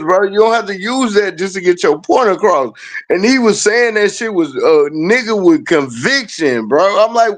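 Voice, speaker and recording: A man's voice: sits high, animated, unhurried, fairly bright tone. A man hosting a casual chat, telling stories animatedly and laughing often.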